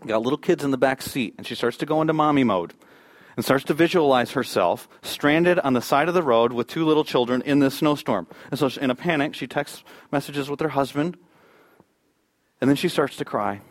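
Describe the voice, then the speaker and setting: A man preaching a sermon, telling a story and building to loud high peaks before dropping to a near hush. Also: a little fast, dry recording. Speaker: pastor.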